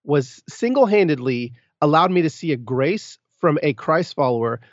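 Male podcast guest, slightly high voice, emphatic and animated, dry slightly dull recording. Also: normal speed, no room sound. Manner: animated, emphatic bursts, frequent restarts. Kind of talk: candid interview storytelling.

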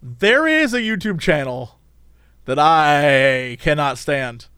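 A man co-hosting a casual podcast chat, animated and playful, mimicking others in quoted voices. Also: fairly high pitch, slow, clear, resonant tone, no echo, studio quality. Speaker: podcast co-host.

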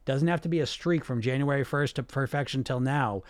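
A man's voice: medium pitch, fairly quick, dry recording. A man hosting a weight-loss coaching show, talking energetically and straight to his listeners, often repeating himself. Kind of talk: casual live coaching talk.

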